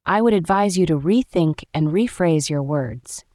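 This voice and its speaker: A woman's voice: sits low, expressive, measured pace, a little mellow, no room sound, clean studio sound. A woman doing a prim young businesswoman. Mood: stern. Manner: formal, clipped and indignant. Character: young strict professional woman, prim and stiff.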